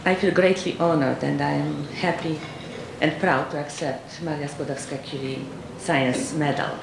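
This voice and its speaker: A woman from Poland with a Polish accent, giving an earnest, gracious acceptance speech at an awards dinner, pausing often and adding light humor. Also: deep voice, fairly even intonation, gravelly. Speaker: award recipient and scientist. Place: large dinner hall. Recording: echoey banquet hall with loud background noise.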